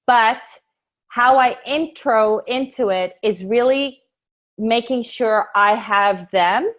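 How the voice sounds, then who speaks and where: A woman leading an online sales training, talking through her table pitch in a brisk, chatty way and acting out what she says to customers, heard over a video call. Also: a bit bright. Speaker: essential oils sales trainer. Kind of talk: casual screen-share training talk.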